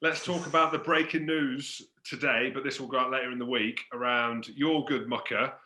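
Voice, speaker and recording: A man from Scotland hosting a loose, joking interview, ribbing his guest as he goes. His voice has a bright, forceful edge. The room around him rings noticeably. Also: mid-range voice, normal speed, echoey room. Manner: joking, teasing, animated. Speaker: host. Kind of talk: casual interview banter.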